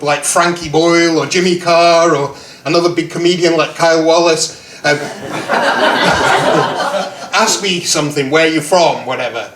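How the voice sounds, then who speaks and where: A man's voice: on the high side, noisy background. A man in his fifties doing a self-deprecating stand-up set, quizzing the audience. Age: 50s. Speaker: stand-up comedian. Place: pub comedy room. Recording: roomy pub sound from far off.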